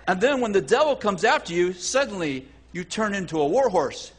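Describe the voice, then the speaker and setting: A male preacher giving a lively sermon, acting out voices and often restarting his sentences. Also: sits high, fairly quick, a little hiss or hum. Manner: animated, acts out voices, self-correcting.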